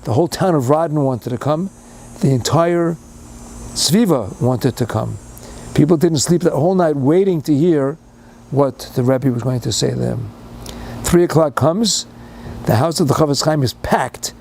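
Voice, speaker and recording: An older man tells a sermon story in a somewhat high voice, moving from calm retelling to fervent emphasis. His English is laced with Yiddish and Hebrew words. A faint hiss sits under the recording. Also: moderate pace, creaky. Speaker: speaker giving a Torah talk.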